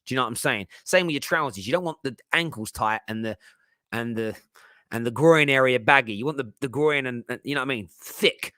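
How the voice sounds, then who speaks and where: A man's voice: mid-range voice, brisk, bright, forceful tone, no room sound, clean studio sound. A man, hosting a casual football chat show, rambling and laughing often as he talks. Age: 30s. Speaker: host.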